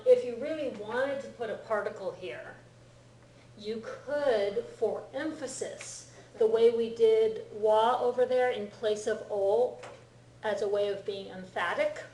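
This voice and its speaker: A middle-aged woman teaches a class in a patient, explanatory way, often pausing to ask whether her students follow. Her voice sits at an ordinary pitch for a woman. It comes from across a reverberant classroom, with faint room noise behind it. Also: dark tone, recorded from a distance. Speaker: Japanese language teacher. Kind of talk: classroom lecture. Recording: echoey classroom recorded from afar.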